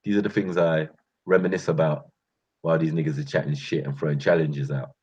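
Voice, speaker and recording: A man telling boastful street stories in a casual, slangy, animated vlog. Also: a bass voice, fairly quick, breathy edge. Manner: animated, slangy, boastful, breaks into laughs and sound effects. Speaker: channel host. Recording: muffled lo-fi sound.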